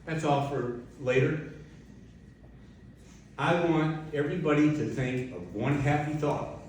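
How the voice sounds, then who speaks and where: A man delivers a chatty, heartfelt eulogy, turning to speak straight to the widow and the mourners. His voice sits at an ordinary pitch. It is picked up from well back in a big, echoey hall, with a faint hiss behind it. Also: slow, darkish tone. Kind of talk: informal eulogy at a memorial. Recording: echoey hall from a distant mic, faint noise.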